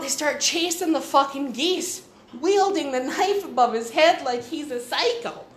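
A woman's voice: medium pitch, reverberant, a little hiss or hum, rough recording. A woman hosting a podcast, telling a story in a blunt, profane and sarcastic way. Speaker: podcast host. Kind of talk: casual storytelling monologue.

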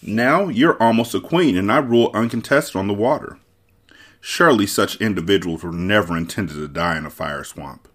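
A man's voice: on the low side, normal speed, fairly bright tone. A man voicing a brave young hero in a storybook reading, speaking in an earnest, urgent way. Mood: reassuring.

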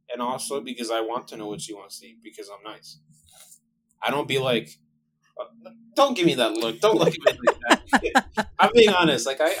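A man's voice: mid-range voice, fairly bright tone, slight background noise, rough recording. A man guest in casual podcast chat, rambling and laughing often.

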